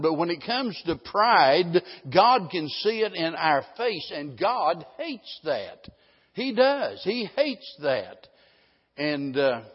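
Folksy man preaching in a reverberant hall. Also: on the high side. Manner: folksy, rambling, with many restarts. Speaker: pastor. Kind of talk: sermon. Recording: dull lo-fi sound with a long hall reverb.

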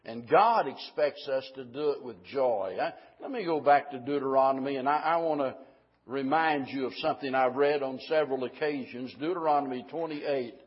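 A man's voice: medium pitch, moderate pace, husky, muffled recording. A man preaching a sermon to a congregation, building from conversational asides to fervent, emphatic declarations.

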